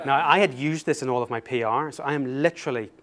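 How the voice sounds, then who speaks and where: A man giving a talk as an author, telling an anecdote in a lively, self-mocking way and laughing through the story. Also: medium pitch, a little fast, a little hiss or hum.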